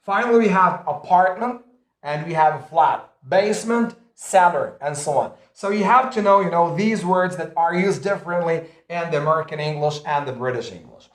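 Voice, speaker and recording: A man teaching an English pronunciation lesson, deliberate and repeating each example word aloud. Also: a little high. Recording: echoey room.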